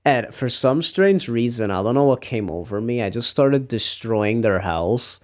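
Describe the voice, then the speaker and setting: A man's voice: mid-range voice, lively intonation, measured pace. A young man streaming, chatting casually and rambling through a story with frequent laughs. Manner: rambling, laughs at himself while telling stories. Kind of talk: casual chat.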